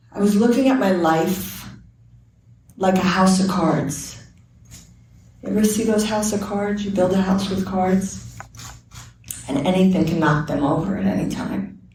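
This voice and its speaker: A woman's voice: medium pitch, unhurried, pauses often, a little mellow, slight background noise. Woman telling her story in an echoey room. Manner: candid, earnest storytelling with quoted dialogue. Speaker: recovery meeting speaker. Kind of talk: personal testimony at a recovery meeting. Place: meeting room. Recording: very echoey room, speaker far from mic.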